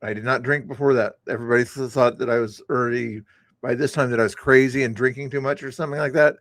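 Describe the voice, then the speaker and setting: A man's voice: mid-range voice, fairly even intonation, fast talker, a bit bright, no room sound. An older man streaming, rambling in a chatty, self-mocking way as he talks to his viewers about a past stream. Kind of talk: rambling live-stream commentary.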